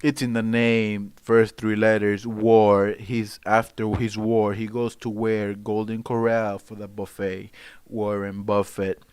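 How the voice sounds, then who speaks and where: A man hosts a casual livestream, rambling in profane slang between bits of reading news aloud. His voice is smooth and clear, and the sound is dry and close, with no room echo. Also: on the low side, slow. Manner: profane, rambling, excitable slang-heavy talk. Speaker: political livestream host.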